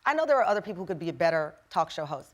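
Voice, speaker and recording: A woman with a Southern US accent hosting a studio talk show, encouraging and quick to laugh. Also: on the low side, big pitch swings. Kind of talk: studio interview. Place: TV studio with live audience.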